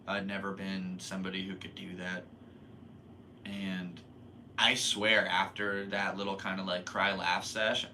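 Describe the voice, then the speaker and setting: Young man, podcast host, low voice, rambling casual storytelling, faint background hiss. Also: bright, forceful tone. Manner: rambling, laid-back, laughs at himself.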